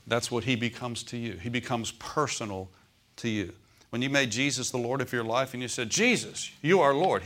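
A man preaching a sermon to his church, who stresses key phrases slowly and often asks the congregation for an amen. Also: mid-range voice, a bit bright. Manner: preacherly, calls for amens, slows on key phrases. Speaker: pastor.

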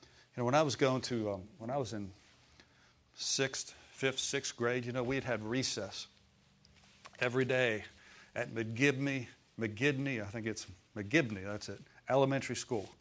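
A man's voice: medium pitch, steady tone, unhurried, fairly bright tone. Conversational male preacher. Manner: conversational preaching, asks the congregation questions; acts out voices in quotes. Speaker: pastor. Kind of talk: sermon.

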